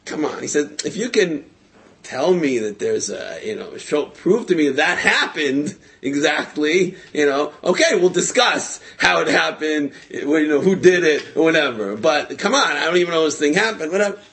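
A man telling a religious story in a casual, lively way, with frequent hesitations, fillers and chuckles. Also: on the high side, normal speed, creaky.

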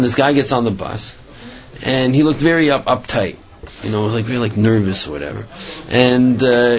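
A man's voice: mid-range voice, muffled recording. A man giving a religious storytelling talk, rambling with many restarts and filler phrases. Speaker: religious speaker.

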